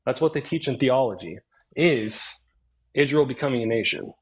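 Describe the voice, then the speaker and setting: A man's voice: mid-range voice, lively intonation, moderate pace, breathy edge, poor audio. Insistent man in a debate. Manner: insistent, interrupting. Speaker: debate caller. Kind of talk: online debate.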